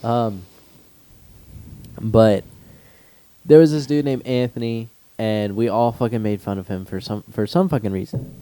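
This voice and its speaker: A man's voice: measured pace, pauses often, smooth. A young man co-hosting a casual podcast, telling stories with lots of swearing and acting out quotes. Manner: heavy swearing, acts out quotes with loud high voices. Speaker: podcast co-host. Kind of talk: casual chat.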